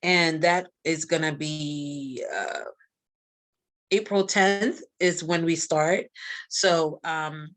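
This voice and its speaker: A woman's voice: low-pitched, steady tone, drawn-out words, a bit bright. A woman with a Barbadian accent talking on a live interview as a guest, speaking emphatically and repeating her key lines like a preacher. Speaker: guest, magazine publisher and coach.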